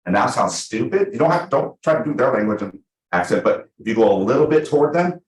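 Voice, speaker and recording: A man teaching a live class to real estate agents, chatty and animated, acting out the people he quotes. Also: on the low side, fast. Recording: echoey room.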